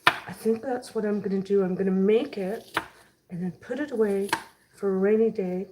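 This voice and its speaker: Against a noisy background, a woman speaks at a normal pace and medium pitch while cooking in her kitchen. She's a vlogger, chatting and cracking jokes with the viewers watching her cook.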